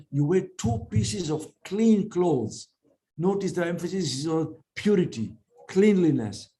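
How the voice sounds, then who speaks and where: A man's voice: high-pitched, warm tone. A middle-aged man lecturing in a sermon, teaching by asking questions and then answering them. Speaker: religious lecturer.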